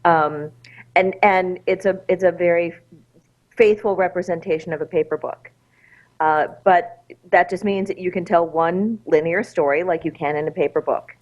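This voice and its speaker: Low-voiced woman guest on a dull line. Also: steady tone, darkish tone. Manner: measured, explanatory. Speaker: podcast guest, app founder. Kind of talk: explaining in an interview.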